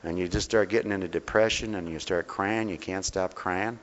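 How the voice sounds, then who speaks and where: A man with a low voice and steady tone preaches a folksy sermon at normal speed in a mission hall, coaxing listeners with questions and calling them honey. The recording is dull and reverberant, as in a hall.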